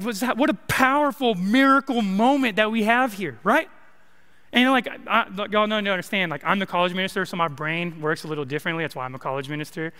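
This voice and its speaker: Young male college minister, bright voice. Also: high-pitched, clear, resonant tone. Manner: casual, joking preaching with many likes and rights. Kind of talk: sermon. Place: church sanctuary. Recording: long hall reverb.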